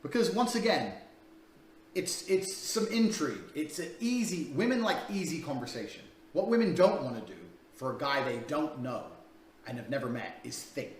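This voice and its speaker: A man's voice: on the high side, very animated, moderate pace. A man coaching in a crude, blunt, profane way, talking through a paid dating course. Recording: echoey room, distant mic, faint ambience.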